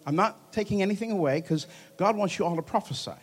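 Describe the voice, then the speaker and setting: Animated male preacher, lively and joking. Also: sits high, fast, breathy edge. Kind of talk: charismatic sermon. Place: church hall before a congregation.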